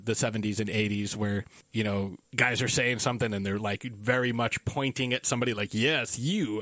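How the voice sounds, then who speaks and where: A man co-hosting a relaxed movie podcast, talking at a mid-range pitch and breaking into lively impressions of the scenes he describes. He laughs often and keeps the banter loose. The sound is close and dry, with no room echo. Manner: animated, acts out scenes in goofy voices. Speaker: podcast co-host. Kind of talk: casual film review chat.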